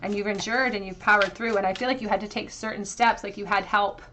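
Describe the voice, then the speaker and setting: A woman giving a tarot card reading to her viewers, earnest and emotional, often pausing with fillers and restarts. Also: mid-range voice, fairly even intonation, background noise. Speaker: tarot reader.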